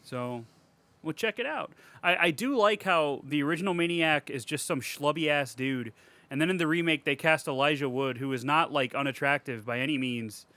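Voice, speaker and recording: A man's voice: a little high, moderate pace, bright, forceful tone, no echo. A man co-hosting a casual podcast, rambling with restarts and casual swearing. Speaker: podcast co-host. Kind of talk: casual chat.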